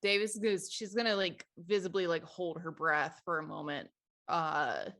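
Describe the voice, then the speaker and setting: A woman's voice: lowish voice, moderate pace, a bit bright. A woman player describing her character's actions in a tabletop role-playing game. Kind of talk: tabletop role-play narration.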